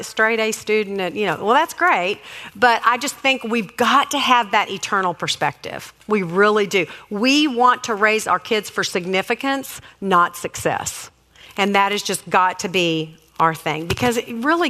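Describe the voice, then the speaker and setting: A woman's voice: medium pitch, bright, forceful tone. A middle-aged woman giving an earnest, faith-based parenting talk, urging her listeners directly and calling them guys. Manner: earnest and exhortative, addresses audience as guys. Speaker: speaker teaching parents.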